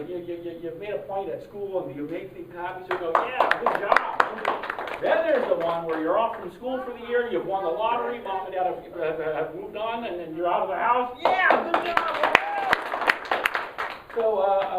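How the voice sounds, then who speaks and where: A member of an improv troupe warming up a live audience, talking haltingly with many fillers and restarts and loudly calling out cues to the crowd. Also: medium pitch, heavy background noise. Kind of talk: live audience warm-up talk. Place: live show venue. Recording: distant, roomy, muffled live recording. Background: audience ambience.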